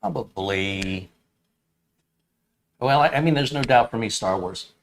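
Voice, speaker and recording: A man's voice: medium pitch, expressive, unhurried. A man from the Detroit area, co-hosting a casual chat and reminiscing, listing things as they come back to him. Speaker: co-host.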